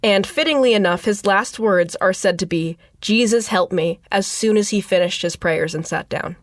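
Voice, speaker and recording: A woman's voice: mid-range voice, normal speed, dry recording. Brief: young woman, podcast co-host, reads prepared notes steadily, dry close sound. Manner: reads informative passages steadily, with chatty asides. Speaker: podcast co-host presenting research. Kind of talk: casual podcast chat, reading prepared notes.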